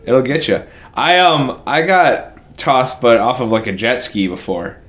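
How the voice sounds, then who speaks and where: A man's voice: medium pitch, a little slow, fairly bright tone. A man co-hosting a podcast, retelling a film in a loose, rambling way full of fillers. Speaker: podcast co-host. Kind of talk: casual chat.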